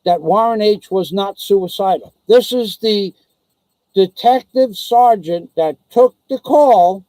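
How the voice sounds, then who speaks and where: A man's voice: high voice, slow, dark tone, dry recording, poor audio. A man ranting angrily and profanely on his own live stream, taunting and threatening someone. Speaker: vlogger. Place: living in the Philippines.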